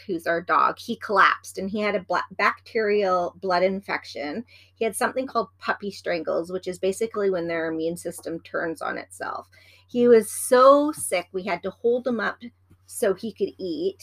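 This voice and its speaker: A woman's voice: lowish voice, a bit bright. A woman co-hosting a casual chat, rambling and teasing as she gives practical advice about pets. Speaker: podcast co-host.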